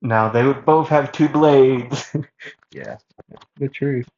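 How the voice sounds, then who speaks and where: A man's voice: medium pitch, slow pace, darkish tone. A man casually narrating a fan-made story, rambling with many fillers and self-corrections, on a dull lo-fi recording.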